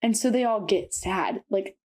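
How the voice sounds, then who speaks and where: A woman's voice: medium pitch, unhurried, darkish tone. A young woman co-hosting a podcast, retelling stories in casual chat with lots of fillers. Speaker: podcast co-host.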